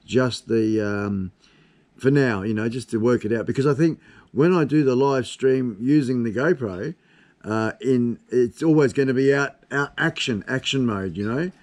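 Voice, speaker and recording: A man's voice: medium pitch, darkish tone. A man in his fifties with an Australian accent, hosting a casual live stream from his desk at home. He rambles along in a chatty way and swears casually. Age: 50s. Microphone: camera on desk.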